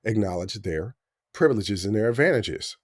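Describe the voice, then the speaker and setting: A man in his forties from the United States co-hosting a podcast, talking in an animated, joking way and jumping between points. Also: fairly low pitch, moderate pace, no echo, clean studio sound. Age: 40s. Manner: animated, jokey, talks over his co-host. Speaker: podcast co-host. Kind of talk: casual chat.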